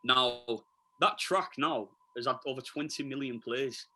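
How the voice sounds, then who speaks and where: A man's voice: medium pitch, measured pace, pushed and bright, poor audio. A man with a Leeds accent, a DJ talking chattily and eagerly as a podcast guest, with lots of restarts and fillers. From Leeds, England. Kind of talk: casual podcast interview.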